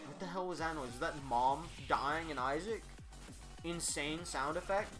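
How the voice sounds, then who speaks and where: A commentator giving casual, excited play-by-play of computer fighting matches. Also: mid-range voice, normal speed, over music.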